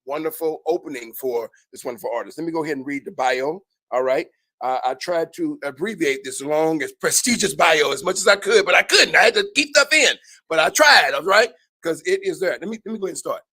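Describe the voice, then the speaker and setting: A man performing a spoken word poem on a bookshop stage, dramatic and swinging between loud and hushed, who also hosts the event. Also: on the high side. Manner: dramatic, swells and drops in loudness. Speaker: host and spoken word poet. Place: bookshop stage before an audience.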